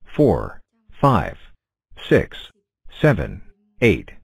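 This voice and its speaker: A woman voicing a cartoon helper, calm and reassuring as she explains things. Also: a bass voice, very slow, gravelly, slightly rough, no echo. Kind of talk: cartoon voice acting.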